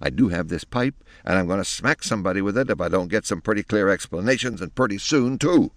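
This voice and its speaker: A man's voice: fairly low pitch, animated, fast, no echo, lightly acted. A man reading aloud, voicing a cranky, impatient old fairy godmother who insults and threatens. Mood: grumbling.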